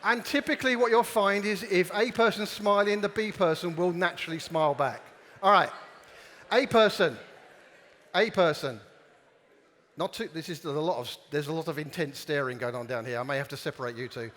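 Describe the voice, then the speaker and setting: A man's voice: fairly high pitch, fast talker, fairly bright tone. Playful man speaking in a reverberant hall. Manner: playful, jokey, drives audience participation. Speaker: conference speaker. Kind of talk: lively conference talk. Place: conference hall before a live audience.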